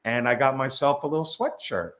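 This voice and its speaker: A man's voice: medium pitch, animated, fairly quick, fairly bright tone. A man co-hosting a live show over a video call from his father's home, talking in a wry, rambling way. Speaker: co-host. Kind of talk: casual live-stream chat.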